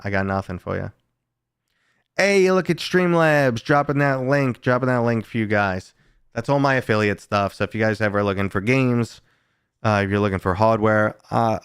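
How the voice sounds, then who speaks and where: His voice is on the low side, clear and resonant, as this American in his thirties casually chats on a stream, reading chat and telling loose stories with the odd curse. The studio sound is clean, without room reverb.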